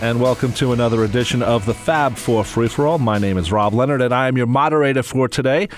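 A man's voice: medium pitch, fast talker, soft background music. A man moderating a casual podcast chat, laughing often as he talks.

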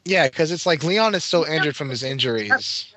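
A man's voice: fairly high pitch, animated, moderate pace, bright, forceful tone, no room sound. Rambling man recapping an anime. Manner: rambling, lots of "like" fillers. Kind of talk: casual chat.

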